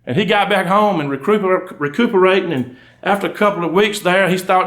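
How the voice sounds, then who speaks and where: A man's voice: high voice, brisk, a bit bright. A man with a Georgia accent telling comic stories on stage before a live audience, in a folksy drawl with asides to the crowd. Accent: Southern US, Georgia. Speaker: undertaker and storyteller.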